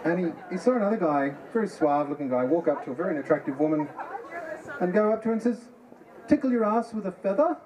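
A man's voice: a little high, animated, fast. Man telling jokes over a chattering crowd. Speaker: joke teller at a party. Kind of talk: casual joke telling. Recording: party crowd chatter and noise behind.

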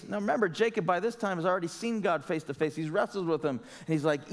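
A man's voice: high voice, fast talker, few pauses. Earnest male pastor preaching in an echoing church. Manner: earnest, conversational preaching with emphatic rhetorical questions. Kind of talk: sermon. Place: church sanctuary.

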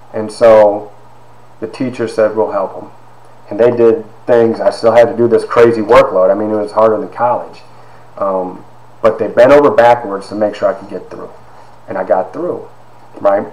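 A middle-aged man giving a personal testimony, telling his story and quoting people in quieter asides. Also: fairly low pitch, reverberant, low-quality recording.

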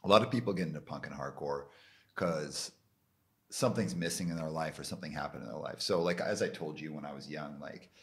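A man from Canada hosting a podcast interview, telling an anecdote in an animated way and laughing along with his own story. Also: rumbling low, brisk. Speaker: podcast host. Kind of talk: casual interview chat.

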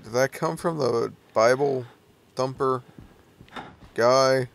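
Young guy doing horror game commentary, gravelly voice, slow drawl, kinda nervous, little hiss behind. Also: mid-range voice. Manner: nervous, jumpy, laughing it off. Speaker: let's play gamer.

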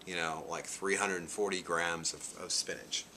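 A man's voice: deep voice, steady tone, moderate pace, pushed and bright, a little hiss or hum. A man in his forties talking casually to his vlog audience, telling a rambling story peppered with "you know". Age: 40s. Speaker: vlogger. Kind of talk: casual chat.

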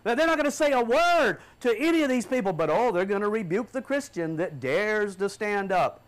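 A man preaching a fiery sermon, dropping to low murmurs and then rising to shouts. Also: expressive, moderate pace. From United States.

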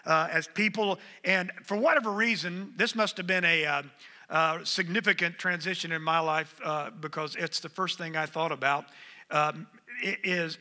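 Lively middle-aged pastor in a reverberant hall. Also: male voice, on the high side. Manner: conversational, engages the congregation with "come on". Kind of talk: sermon. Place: church sanctuary.

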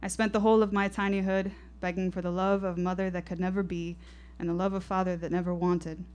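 A woman's voice: lowish voice, level tone, fast talker, a little mellow, highs cut off. A woman in her twenties telling a first-person story on stage, vivid and reflective. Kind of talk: live storytelling performance. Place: stage at a live show.

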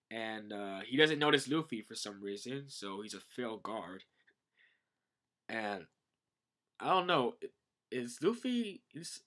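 A man chats through a manga chapter in a loose, rambling way, leaning on "like" and restarting sentences. His voice is mid-pitched with a bright, forceful edge. He sounds eager and unscripted. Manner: rambling, enthusiastic, heavy use of "like". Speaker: manga reviewer. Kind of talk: casual manga commentary.

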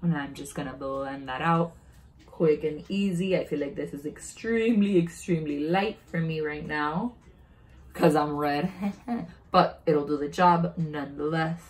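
A woman's voice: low-pitched, unhurried, rough recording. A young woman chatting casually while unboxing and trying on makeup, narrating each step and easily delighted. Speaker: beauty vlogger.

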